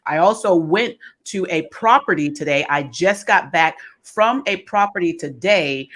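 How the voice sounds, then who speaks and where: A woman's voice: on the low side, unhurried, a bit bright. A woman hosting a live talk show, greeting viewers and chatting casually. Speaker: host. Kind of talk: casual chat.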